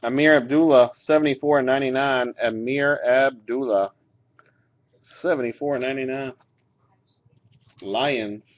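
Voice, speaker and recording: A man's voice: mid-range voice, steady tone, a little slow, pauses often. Laid-back man opening cards on a dull webcam. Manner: laid-back, swears and laughs while reading out cards. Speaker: card breaker. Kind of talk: casual card-pack opening commentary. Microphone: webcam mic.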